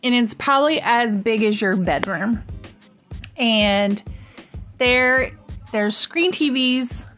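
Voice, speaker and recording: A woman's voice: a little high, lively intonation, takes it slowly, long pauses, a bit bright, faint music behind. A woman hosting a podcast, telling a personal story in a casual, rambling way full of "um" and "like". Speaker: podcast host.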